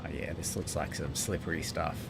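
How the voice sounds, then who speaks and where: Deep-voiced joking man streaming. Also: steady tone, a little fast, very noisy. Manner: joking, rambling. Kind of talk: casual gaming commentary.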